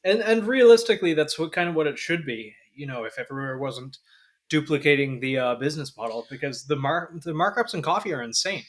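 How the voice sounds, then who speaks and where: Canadian guy, somewhat high voice. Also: expressive, fairly quick. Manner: casual, sweary, trails off quietly. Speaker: podcast co-host. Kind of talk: casual chat.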